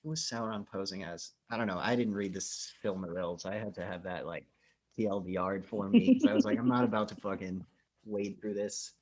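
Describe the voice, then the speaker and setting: A man's voice: sits low, brisk. Foul-mouthed man recapping a movie. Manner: profane, animated scene retelling. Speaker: podcast co-host. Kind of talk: casual film discussion.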